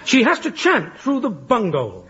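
A male comedian speaking in a mock-pompous, deliberate way in a sketch before a studio audience. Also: very high-pitched, huge pitch swings, over a noisy crowd. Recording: dull old TV audio with hiss.

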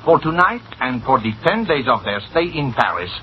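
An actor playing a scheming, blustering café manager in an old-time radio drama, full of theatrical insults. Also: male voice, medium pitch, big pitch swings, moderate pace, slight background noise, close to an everyday voice. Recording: dull lo-fi old radio broadcast.

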